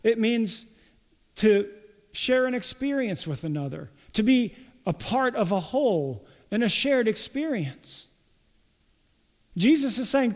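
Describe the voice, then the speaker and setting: A man preaching a sermon as pastor, slow and deliberate, leaning hard on the lines he quotes. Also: very high voice, sing-song, a little mellow, long reverb tail.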